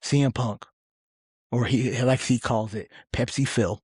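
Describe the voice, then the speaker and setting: A middle-aged man hosting a podcast, giving opinionated, rambling commentary in a casual, animated way. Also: mid-range voice, measured pace, slightly rough, no echo, studio quality. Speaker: podcast host.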